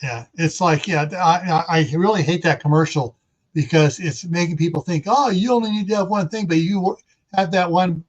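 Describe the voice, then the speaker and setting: A man hosting a casual livestream, chatting in a rambling, folksy way. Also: on the high side. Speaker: livestream host. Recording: dull lo-fi stream audio.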